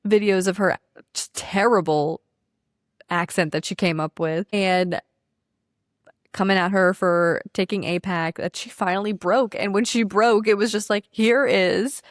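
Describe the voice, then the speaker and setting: A woman's voice: mid-range voice, steady tone, unhurried, dry recording, clean studio sound. A woman co-hosting a podcast in casual political chat, emphatic and profane, laughing often. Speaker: podcast co-host.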